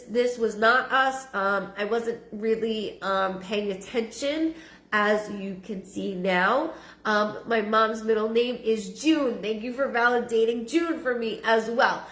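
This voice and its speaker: A woman giving a live-streamed psychic reading, halting and repeating her words with frequent ums. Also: a little high, fairly bright tone. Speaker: psychic medium. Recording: roomy echo.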